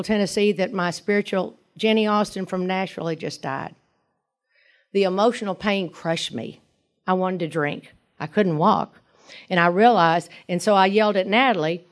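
An older woman, telling her personal recovery story to a group in a rambling, earnest way, often asking "okay?". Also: lowish voice. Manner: rambling and earnest, frequent restarts, tags lines with "okay?". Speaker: recovery speaker.

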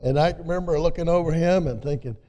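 A man's voice: fairly high pitch, fast, mellow. An older man from Arkansas with a Southern accent tells his recovery story to a meeting, folksy and full of "you know" fillers. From Arkansas, USA. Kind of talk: personal testimony talk. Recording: echoey hall, mic at a distance.

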